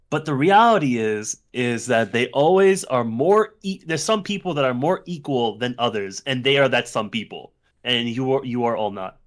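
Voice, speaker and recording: A man co-hosting a podcast in casual chat, animated and profane, with quick mocking asides. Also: medium pitch. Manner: animated, swears, laughs, mocks types in quoted voices. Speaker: podcast co-host.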